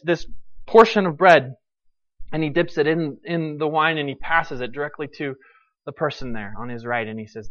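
In a sermon, a fairly high-voiced male pastor brings his story to life by voicing each character's lines with animation. The recording sounds dull and a little lo-fi.

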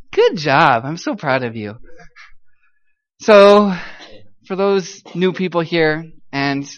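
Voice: mid-range voice, dull audio. A missionary giving an upbeat church talk to a live audience, teasing them kindly and singing out syllables to demonstrate the tones.

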